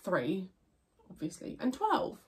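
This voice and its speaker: With a medium-pitched voice that swoops wildly in pitch, a young woman speaks slowly in a casual viewer Q&A. Her congestion leaves her stuffy and nasal, and she rambles, using lots of fillers and starting over often.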